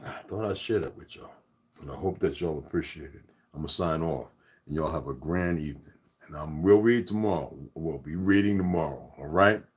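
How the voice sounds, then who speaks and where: A man's voice: extremely low pitch, brisk, slightly rough. A man hosting his own channel, talking loosely and rambling to his viewers as "y'all". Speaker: channel host. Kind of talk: casual vlog talk to viewers.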